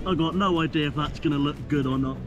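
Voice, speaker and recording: Young man, high-pitched, jokey vlogger energy, music underneath. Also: fast talker, lo-fi sound. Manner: jokey, chatty, says "boys" to viewers. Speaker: YouTuber vlogging a charity match. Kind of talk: casual vlog to camera. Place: outdoors at a football stadium.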